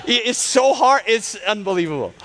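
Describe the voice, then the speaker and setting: High-voiced excitable man preaching testimony. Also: normal speed. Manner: excitable storyteller, acts out dialogue, laughs mid-sentence. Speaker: guest speaker at church, cardiologist. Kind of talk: testimony sermon to a congregation.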